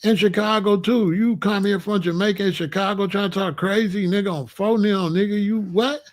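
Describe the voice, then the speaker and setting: A brash man from the United States, talking in a high register. He delivers a boastful, confrontational street-talk rant full of profanity. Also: steady tone, moderate pace. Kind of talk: animated profane monologue.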